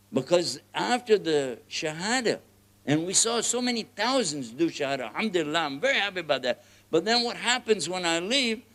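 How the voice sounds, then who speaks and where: A man with a Texan accent preaching a lively, joking sermon, often laughing and swinging between loud and soft. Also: on the high side. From United States.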